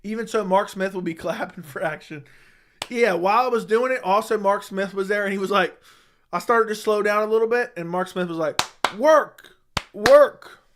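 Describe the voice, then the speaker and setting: Laughing frequently, a young male livestream host trades crude, mocking insults with his chat. His voice sits high with a slightly bright tone, he talks a little fast, and there's a bit of hiss or hum.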